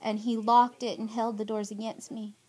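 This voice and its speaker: High-voiced, aggrieved woman. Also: flat delivery, moderate pace, a little mellow, breathy edge. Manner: aggrieved, emphatic, pleading. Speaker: vlogger. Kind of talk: spoken personal statement.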